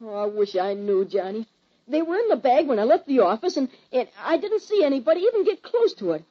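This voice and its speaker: A timid stammering young clerk. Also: female voice, high-pitched, very animated, a little fast, husky, full character voice. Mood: anxious. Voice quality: nervous, stammering and pleading. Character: timid honest young man jailed. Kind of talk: old-time radio drama acting. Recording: dull lo-fi old radio recording.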